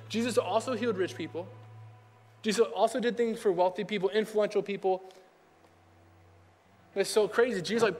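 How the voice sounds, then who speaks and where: Young man, pastor, casual sermon, high voice, echoing hall, faint music. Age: young adult. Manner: casual, conversational, acts out quoted people. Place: church hall.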